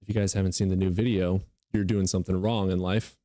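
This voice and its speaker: A man's voice: low-pitched, little pitch movement, fast, mellow, no room sound, studio quality. A young man streaming live, joking and teasing his viewers in casual chat. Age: young adult.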